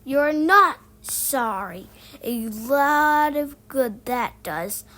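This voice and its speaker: A woman's voice: sits high, lively intonation, slow pace. A woman doing a stern, snappish bus driver. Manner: curt, scolding.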